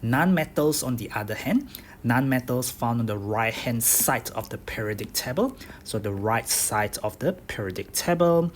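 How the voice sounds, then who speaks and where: A man's voice: mid-range voice, expressive, moderate pace, slight background noise. A man, a chemistry tutor, lecturing over slides, explaining step by step and checking in with "okay?" after each point. He has a Bruneian accent. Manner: explains step by step, repeats key points, says "okay?" often.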